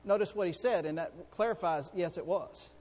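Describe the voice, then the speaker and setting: A man with a very high voice preaches a sermon, excitable and full of fervor. He swings between soft, chatty asides and loud, exclaiming bursts. His voice rings with the long reverb of a church sanctuary. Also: normal speed. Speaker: pastor.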